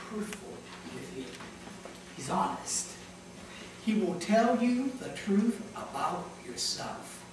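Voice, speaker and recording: High-pitched man preaching in an echoey chapel. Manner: dramatic, swinging from loud emphatic bursts to hushed asides. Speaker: pastor. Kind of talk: sermon. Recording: very echoey chapel, mic far off.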